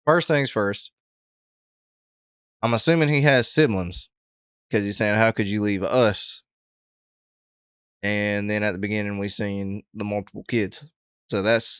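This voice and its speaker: A man hosting a reaction video, talking casually and thoughtfully, pausing with lots of fillers. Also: fairly low pitch, clear, resonant tone, no echo, studio quality. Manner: thoughtful, halting, with many fillers. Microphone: headset.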